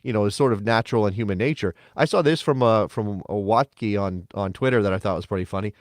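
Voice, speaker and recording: A man co-hosting a soccer podcast in casual talk, animated, sometimes mocking others in a high voice. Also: fast talker, no echo, clean studio sound. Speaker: podcast co-host.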